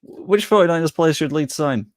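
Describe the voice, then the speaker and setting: A man's voice: a little high, no room sound. A man hosting a livestream chat, teasing and joking with dry, self-deprecating humor. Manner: teasing, quick-witted. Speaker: host.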